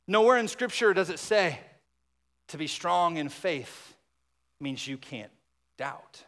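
A man preaching a sermon to a congregation, emphatic, with his voice dropping to a hush on key points. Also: fairly high pitch, animated, a little slow, long reverb tail. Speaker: pastor.

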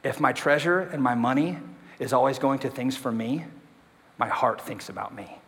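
In a church sanctuary with long hall reverb, a pastor delivers a casual, self-deprecating sermon and puts questions to the congregation. His mid-range voice is gravelly and fairly bright, and he speaks at a normal speed.

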